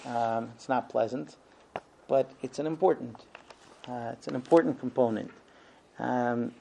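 A man teaching a Torah lesson tells a story hesitantly, filling it with frequent ums and uhs. His voice is medium-pitched, creaky, and darkish, captured on a dull lo-fi recording.

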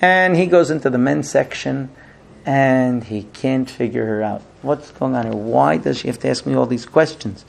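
Gravelly, lively male storyteller. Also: mid-range voice, normal speed. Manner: lively, animated, slipping into characters' voices.

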